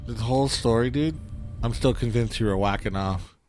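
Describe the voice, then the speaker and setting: A man's voice: medium pitch, moderate pace, darkish tone, a little hiss or hum. A man in casual banter with friends, teasing them with crude jokes. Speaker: podcast co-host.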